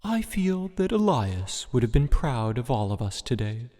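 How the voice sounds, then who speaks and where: A man voicing a young, wry acting camp director who makes deadpan announcements. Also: mid-range voice, normal speed, long reverb tail, natural voice.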